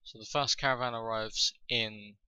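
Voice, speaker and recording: A man giving casual commentary over his own gameplay, thinking aloud with frequent fillers and pauses. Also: fairly low pitch, fairly even intonation, sharp tone, clear, resonant tone, no echo, rough recording. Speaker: gaming video host.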